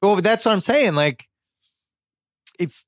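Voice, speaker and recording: A man hosting a sports podcast, talking casually in an animated, boastful way. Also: sits high, measured pace, no echo, clean studio sound.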